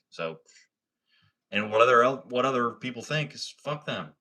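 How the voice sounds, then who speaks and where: This young Ohio man, with a slight country accent, has a lowish, fairly quick voice that's bright and forceful. He's laid-back on a livestream, casually reading comments and swearing freely.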